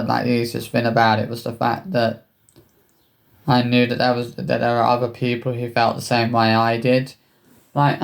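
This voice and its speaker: Halting man telling a personal story. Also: medium pitch. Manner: halting, hesitant, many restarts. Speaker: vlogger.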